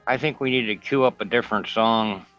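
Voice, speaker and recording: A man's voice: mid-range voice, brisk, fairly bright tone, soft background music. A man chatting casually in an online game session, making dry jokes. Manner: dry, joking remarks. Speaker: player in an online bridge-crew game. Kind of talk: casual voice chat. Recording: dull lo-fi voice chat.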